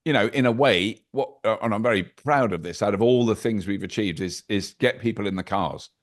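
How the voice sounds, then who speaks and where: An older man speaks on a video call in a fairly low voice. He chats casually, full of anecdotes and dry, wry asides. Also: a little fast. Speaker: podcast guest. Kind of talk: casual interview chat.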